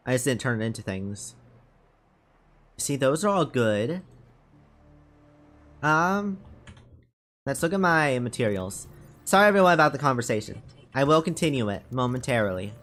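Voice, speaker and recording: A man's voice: mid-range voice, fairly bright tone. A man streaming a game and chatting casually with viewers, rambling with many fillers and restarts. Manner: rambling, chatty, lots of fillers and self-corrections. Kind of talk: casual live-stream chat while gaming.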